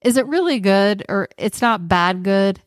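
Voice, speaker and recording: A woman's voice: medium pitch, expressive, measured pace, no echo, clean studio sound. A woman guesting on a casual podcast, wry and defensive, laughing often. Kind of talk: casual chat.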